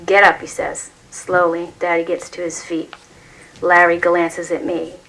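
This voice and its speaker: A woman reading a novel aloud at a public reading night, steady and expressive. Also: on the low side, unhurried, rough recording. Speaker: reader.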